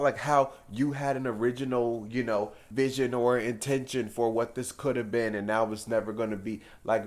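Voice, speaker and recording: A young man vlogging while getting ready, talking earnestly and encouragingly, often saying "literally" and "like". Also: medium pitch. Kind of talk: casual advice talk while getting ready.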